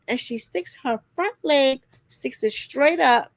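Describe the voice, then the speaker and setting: A woman's voice: lively intonation, slow, hardly any pauses, dry recording. A woman hosting a casual reality TV recap, sassy and direct with viewers, acting out quotes in a put-on voice. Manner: sassy, talks straight to viewers, acts out quotes with pitch jumps.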